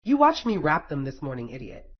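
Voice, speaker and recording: A man's voice: fairly high pitch, wildly swooping pitch, fairly quick. A man reading a fan story aloud, voicing a brash, swearing young woman ninja fighter in a blunt, teasing way. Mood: exasperated. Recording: dull lo-fi recording.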